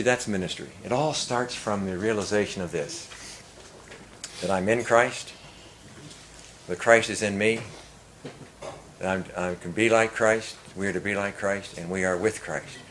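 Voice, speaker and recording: An older man preaching, telling a story earnestly and rising to loud emphasis. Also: deep voice, slight background noise, low-quality recording. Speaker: pastor. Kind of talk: sermon storytelling.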